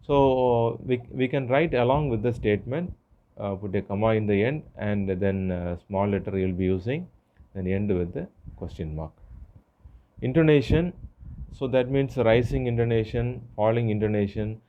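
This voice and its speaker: A man teaching an English grammar lesson, explaining step by step with frequent pauses and fillers. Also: fairly low pitch, phone-quality sound. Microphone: phone screen recorder.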